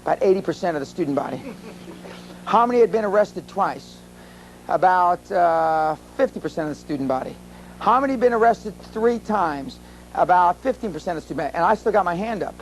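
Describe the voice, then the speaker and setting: A high-pitched older man from the United States addresses a seminar crowd. He tells his stories bluntly and with some profanity. A faint hum runs under the recording. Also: expressive, a little fast, low-quality recording. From USA. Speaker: seminar speaker. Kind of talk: live seminar talk.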